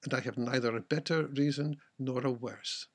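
A man with a husky voice reading the lines of a poor, ugly fisherman who stays calm and stubborn. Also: mid-range voice, moderate pace, close to an everyday voice. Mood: steady.

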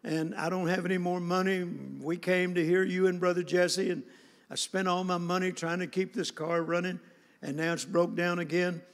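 A man's voice: high voice, steady tone, moderate pace. A man voicing a distraught mother stranded with a broken-down car, speaking in a weary, pleading way. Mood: desperate. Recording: long hall reverb.

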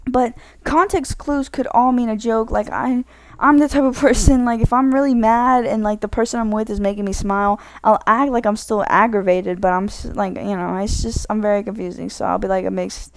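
Her voice is on the high side and steady in tone, moving fairly quickly over a dry recording. Offering casual advice, she rambles, corrects herself frequently, and leans heavily on "like" as a filler.

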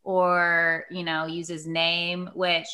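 Young woman co-host, bright edge, animated casual storyteller. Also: lowish voice, takes it slowly. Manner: dramatic, animated storytelling with frequent "like". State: pregnant. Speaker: podcast co-host. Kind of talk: casual podcast chat. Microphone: remote call mic.

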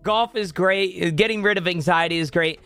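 Young guy hosting a chill podcast, slightly high voice, dry close sound, lots of yeps and tangents. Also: moderate pace, fairly bright tone, clear, resonant tone, no room sound. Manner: upbeat, agreeable, rambling. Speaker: podcast host. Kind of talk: casual chat.

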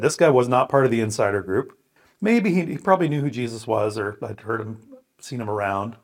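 A man praying, reading scripture aloud and reflecting in an earnest, thoughtful way. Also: fairly low pitch. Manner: earnest, thoughtful, with pauses and restarts. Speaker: co-host of a scripture podcast.

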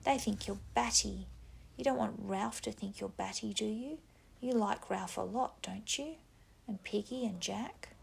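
Sneering schoolmasterly pig's head on a stick, as a woman puts it on, whispered reading, heavy fry. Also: medium pitch, a little slow, full character voice. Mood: taunting. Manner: taunting, patronizing, rising to angry threats. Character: menacing talking pig's head, mocking schoolmaster.

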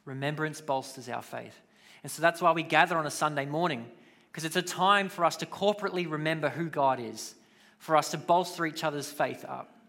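A man's voice: a little high, bright, forceful tone. A man preaching a sermon in a conversational way, with casual asides. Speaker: pastor.

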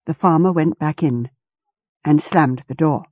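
A woman narrating a storybook in an unhurried, expressive reading. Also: sits low, husky, no echo. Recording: tinny phone-like, dry.

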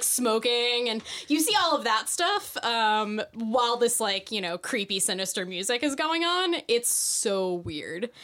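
A woman with a somewhat high voice chats casually on a podcast. She tells her story loosely, sprinkling "like" through nearly every phrase. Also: a bit bright. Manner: says "like" constantly, upspeak-ish. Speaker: podcast co-host. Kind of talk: casual chat.

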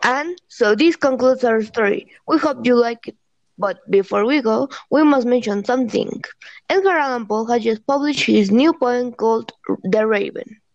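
A woman co-host reading a scripted podcast in a plain way. Her voice sits fairly high. The audio is dull and lo-fi, recorded dry. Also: moderate pace, darkish tone, no echo. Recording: muffled lo-fi recording.

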